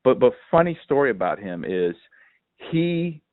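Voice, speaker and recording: A man hosting a relaxed sports chat, spinning anecdotes with plenty of "um" and "you know". His voice sits at a middling pitch and comes through a thin, phone-like line with no room sound at all. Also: unhurried, no echo. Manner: animated storyteller, lots of fillers. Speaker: podcast host.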